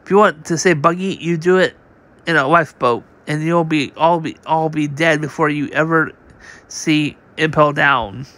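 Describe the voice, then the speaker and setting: Reading a comic on his channel, a man keeps things informal and unpolished, restarting often and reading out the sound effects. He has a high-leaning, bright, forceful voice and a moderate pace.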